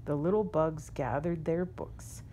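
A woman reading a children's picture book aloud in a gentle, unhurried storytelling manner. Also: low-pitched, fairly even intonation, a little hiss or hum. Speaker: storybook reader.

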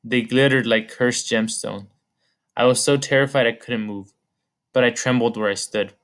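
Man, audiobook narration, measured, mid-pitched. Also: steady tone, a bit bright. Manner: measured storytelling. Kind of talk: scripted narration.

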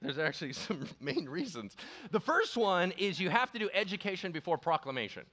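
A male pastor preaching a sermon, animated and joking as he acts out the people in the stories. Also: sits high, a little fast. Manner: animated and joking, acting out characters. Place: church sanctuary.

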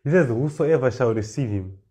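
A man preaching a sermon, reading scripture verses slowly and then explaining them with rising emphasis and repeated words. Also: mid-range voice, lively intonation, warm tone, breathy edge.

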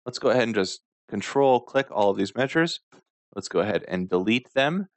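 A man, a music instructor, calmly talking through a screen-recorded software tutorial step by step. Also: lowish voice, brisk, dry recording. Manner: calm step-by-step walkthrough.

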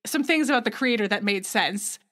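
Young woman podcast cohost, kinda high voice, rambly casual chat, lots of restarts. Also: lively intonation, a bit bright. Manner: chatty, restarts often, slips into quick character voices. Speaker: podcast co-host.

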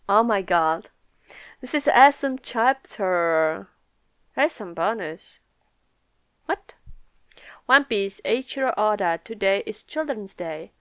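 A young woman hosting a live comic reaction video, excitable and laughing often, swearing freely. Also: mid-range voice, takes it slowly, pauses often, clear, resonant tone, dry recording. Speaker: manga reaction video host.

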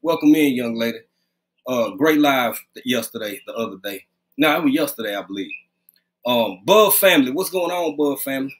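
A man's voice: medium pitch, lively intonation, normal speed. A man hosting a casual live stream, greeting viewers by name in a loose, conversational way, talking close to his webcam at home. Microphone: webcam, leaning close.

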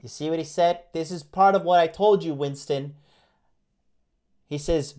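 A man's voice: fairly high pitch, a little slow, long pauses, a little mellow. A man hosting a livestream as a dating coach, delivering a brash, profane motivational rant with hammering repetition and mocking whiny voices.

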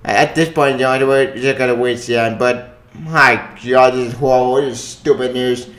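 A man's voice: medium pitch, fairly even intonation, fairly bright tone, echoey room. A man ranting angrily and profanely on his own channel, repeating himself and stumbling over his words. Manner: profane, agitated, repetitive, halting. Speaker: gaming vlogger. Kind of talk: angry solo rant.

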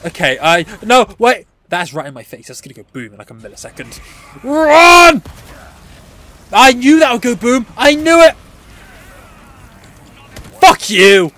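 High-voiced excitable man yelling at a game. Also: moderate pace. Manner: chatty asides to viewers, frequent laughter. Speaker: gaming channel host. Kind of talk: let's play commentary.

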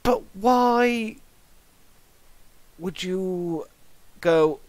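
Guy reacting to a clip, slow and dramatic, lots of pitch swings, super dry close sound, acting all grossed out. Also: wildly swooping pitch, no echo. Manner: exasperated, theatrical, jokingly disgusted. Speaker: reaction video commentator. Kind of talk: comic reaction commentary.

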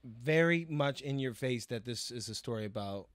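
A podcast co-host, a man, rambles and jokes through a casual chat, dropping plenty of fillers. His medium-pitched voice is animated at a moderate pace, captured as a dry, clean studio recording.

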